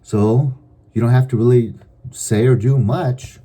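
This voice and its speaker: A middle-aged man giving advice in a calm, measured, deliberate monologue. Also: mid-range voice. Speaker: advice vlogger.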